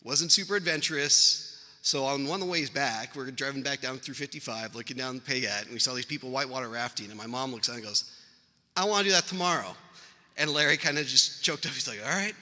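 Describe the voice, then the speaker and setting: A man's voice: mid-range voice, fast, bright, forceful tone, big-room sound. A man from Idaho giving a rambling, anecdotal funeral eulogy about his father figure, chuckling as he tells family stories. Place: funeral venue hall.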